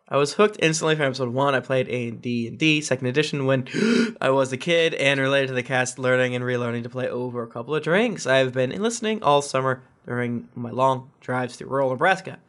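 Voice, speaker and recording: A man's voice: medium pitch, a little fast, hardly any pauses, a bit bright. A man hosting a casual podcast, reading listener reviews aloud and breaking off into jokey asides and chuckles. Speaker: podcast host.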